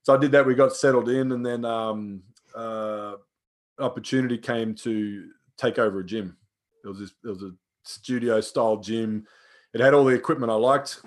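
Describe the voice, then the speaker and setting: A man's voice: mid-range voice, steady tone, moderate pace. A young man, a personal trainer, telling stories in casual chat, swearing freely and acting out the lines of people he quotes.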